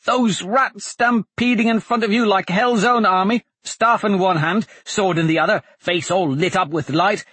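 A brash, boisterous young swordsman who shouts and rushes his words in a high voice, as a man narrating puts him on. The read is husky and recorded dry. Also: dry recording. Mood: excited. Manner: loud, excited, fast.

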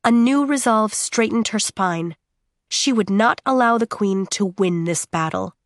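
A woman narrates a dramatic audiobook with a steady, measured delivery and long pauses. Her pitch sits in the middle range. The sound is dry and close, with no room echo.

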